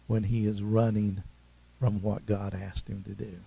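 A man with an Oklahoma accent preaching a sermon as pastor, talking in a conversational, emphatic way and swinging suddenly between loud and soft. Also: lowish voice, measured pace, creaky, breathy edge, low-quality recording.

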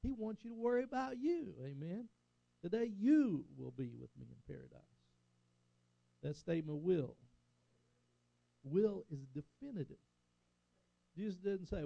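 A man's voice: high voice, big pitch swings, unhurried, creaky, long pauses, dark tone, dry recording, muffled recording. An older man preaching a sermon as a pastor, rising and falling for emphasis and calling out "Amen?" to the congregation.

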